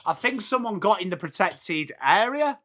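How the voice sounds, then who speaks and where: An adult Englishman with children hosts a live football watch-along stream, describing the play and talking with his viewers. His high voice has a sing-song lilt, a fairly bright tone and normal speed. He stays chatty, going back and forth between calling the match and responding to comments.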